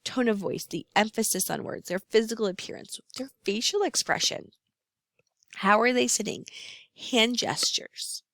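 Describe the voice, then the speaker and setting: A woman lecturing nursing students, explaining terms and often pausing on "um". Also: a little high, animated, fairly bright tone, no echo, clean studio sound. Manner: explanatory, repeats key terms, frequent "um". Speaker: nursing instructor. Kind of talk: recorded lecture.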